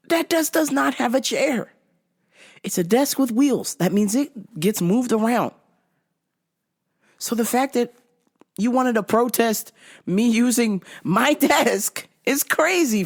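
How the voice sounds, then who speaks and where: A woman's voice: a little high, sing-song, unhurried. Woman podcast host ranting about a rude customer, swears a lot, voice bounces all over. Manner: profane, exasperated retelling; acts out both sides of a quarrel. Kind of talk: casual storytelling.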